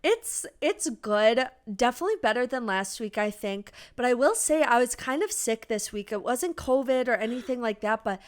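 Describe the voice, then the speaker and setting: A woman's voice: on the high side, animated, normal speed, hardly any pauses. A woman co-hosting a podcast in casual chat, hyper and chatty, her nose stuffy from a cold. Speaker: podcast co-host.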